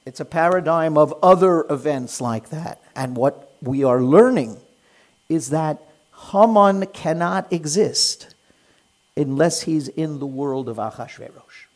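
Guy with a high voice teaching scripture, keeps throwing questions at the class, acts out the characters. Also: measured pace. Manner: animated, fires rhetorical questions at listeners. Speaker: Torah teacher. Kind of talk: lecture on the Book of Esther to a live class.

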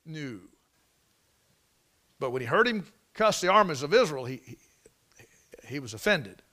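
A man preaching a sermon, telling the story dramatically and swinging from loud exclamations to near whispers. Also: fairly high pitch, big pitch swings, measured pace.

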